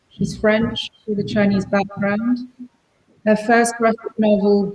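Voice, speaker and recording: A woman's voice: mid-range voice, steady tone, slow, a little mellow. Woman moderating a panel in an echoey room. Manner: friendly, apologetic about her French pronunciation. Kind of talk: hosting an online panel discussion.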